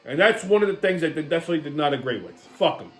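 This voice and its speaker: A man's voice: a little high, animated, fast. Profane ranting man. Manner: profane, combative, repeats "okay?". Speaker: host. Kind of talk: ranting commentary.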